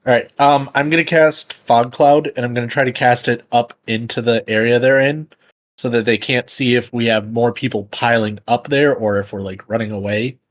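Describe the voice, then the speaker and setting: A man's voice: medium pitch, fairly even intonation, normal speed. A man playing a tabletop game, chatting casually and explaining his moves step by step. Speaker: player.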